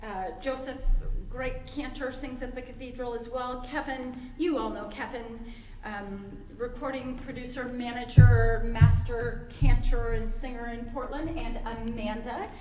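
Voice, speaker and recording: A woman's voice: a little high, fairly even intonation, a little slow, roomy sound, big-room sound, noisy background. A woman presenting a webinar on choral conducting, explaining and demonstrating vowel sounds with frequent fillers. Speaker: choir conductor and workshop presenter. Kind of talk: webinar teaching.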